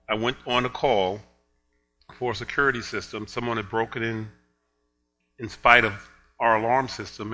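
A man preaching a sermon, telling a story with laughs, then reading scripture slowly and building to loud emphatic points. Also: mid-range voice. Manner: drawn-out, slow reading of scripture.

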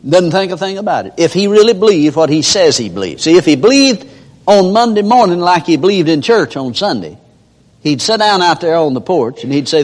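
An older man preaches in a folksy storytelling way, his voice lively and sweeping, a little higher than most men. It rings out with a long hall reverb. He slips into characters to make his point. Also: brisk. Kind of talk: sermon.

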